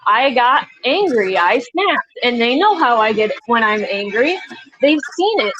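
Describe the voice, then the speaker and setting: A woman's voice: a little high, big pitch swings, a little slow, fairly bright tone. A woman guest joining a livestream by remote call, talking hurt and defensive. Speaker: stream guest. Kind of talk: emotional livestream talk. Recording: slightly dull remote call audio.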